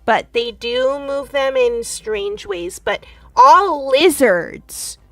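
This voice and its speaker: High-voiced, slow-talking woman co-host. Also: creaky, no room sound, faint music behind. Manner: excitable, rambling, swears. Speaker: co-host, intern. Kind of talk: comedy podcast banter.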